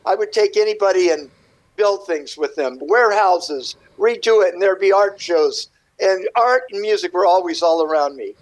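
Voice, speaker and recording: A man with a notably high speaking voice, talking as a guest on a radio interview. He rambles through his story with animated energy, switching into little acted-out voices for the people in it. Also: moderate pace, rough recording. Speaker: guest artist.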